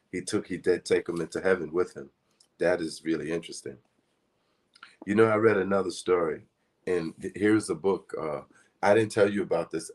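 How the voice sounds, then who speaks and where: A man giving a casual spiritual teaching talk, speaking earnestly in a rambling, conversational way. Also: low-pitched.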